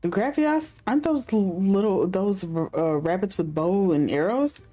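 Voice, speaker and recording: A woman's voice: mid-range voice, expressive, a little slow, dark tone, faint music behind. A woman game streamer reading the story narration aloud, breaking off into chatty asides full of fillers.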